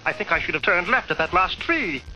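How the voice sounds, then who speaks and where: A bumbling cartoon officer. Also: male voice, sits high, animated, fairly quick, over loud music, poor audio. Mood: flustered. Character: bumbling Canadian male officer, lost with a map.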